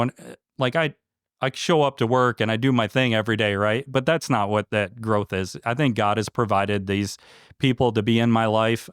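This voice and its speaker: A man talks earnestly about his business in a relaxed interview, his low voice smooth and resonant. He speaks with heartfelt emotion and many fillers and restarts. The sound is dry and close. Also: no echo. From Michigan. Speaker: franchise owner, interview guest. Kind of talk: casual interview conversation.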